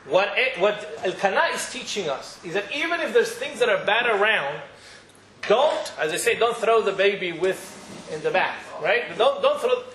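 Brief: male Torah teacher, high and bright, animated, echoey room, faint noise. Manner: animated, mixes Hebrew quotes with English explanation. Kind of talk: Torah class.

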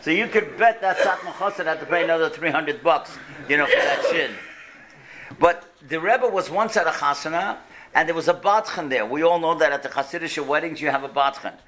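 Higher-voiced man preaching with stories. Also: fairly quick, sharp tone, a little hiss or hum. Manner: earnest, builds to emphatic points and rhetorical questions. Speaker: religious speaker. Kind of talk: sermon with storytelling.

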